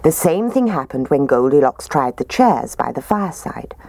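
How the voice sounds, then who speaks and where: A woman reading a children's storybook aloud in a gentle, expressive way. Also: a bass voice, normal speed, creaky, dry recording.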